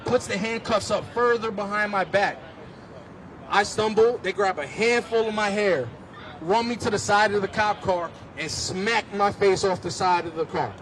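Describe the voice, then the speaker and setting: A man's voice: high-pitched, moderate pace, a bit bright, slight background noise. A man speaking at a street march, telling his own story in vivid, impassioned testimony. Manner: vivid storytelling, rising to emphatic pleas. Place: outdoors on a city street.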